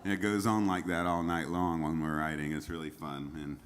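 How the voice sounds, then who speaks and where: A man with a low voice and little pitch movement talks fairly quickly from his seat on a music venue stage. He's a singer-songwriter doing a livestreamed show, rambling casually between songs with frequent fillers as a guitar plays faintly.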